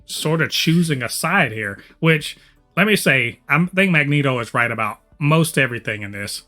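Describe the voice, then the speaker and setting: A man co-hosting a casual TV review podcast, talking in an animated, profane way that jumps up loud when he gets excited. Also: medium pitch. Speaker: co-host of a TV review show.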